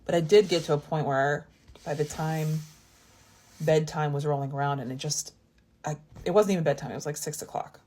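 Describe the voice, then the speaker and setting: A woman's voice: low voice, steady tone, a little fast, dark tone. A woman in her thirties telling a personal story in a rambling, confiding way, with many restarts. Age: 30s. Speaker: vlogger. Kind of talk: casual storytime.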